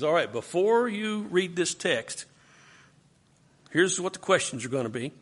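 A man's voice: fairly high pitch, big pitch swings, a little slow, pauses often. A man leading a Bible study class, questioning his students and coaching them through the text.

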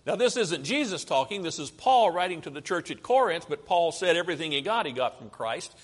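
Male preacher, somewhat high voice, teaching a sermon with questions to the pews, long reverb of a church hall. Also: sing-song, fairly quick. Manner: asks the congregation questions and answers them himself. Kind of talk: sermon with slides. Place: church sanctuary.

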